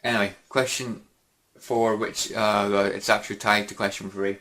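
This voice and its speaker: A man's voice: on the low side, normal speed, pushed and bright. A man hosting a casual Q&A vlog, rambling and hesitant with many fillers and restarts. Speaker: YouTube gaming channel host.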